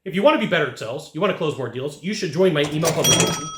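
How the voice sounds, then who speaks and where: A sales trainer races through a lesson to camera in a fairly high, expressive voice, and the recording is very noisy and echoey. He's emphatic, repeating phrases to hammer his points home.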